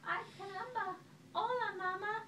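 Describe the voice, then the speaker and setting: A squawking, excitable storybook hen, as a woman puts her on, shrieking way up high in an echoey room heard from far off. Her cries come out loud and bright. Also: moderate pace, slight background noise. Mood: delighted. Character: excitable hen shouting in Spanish.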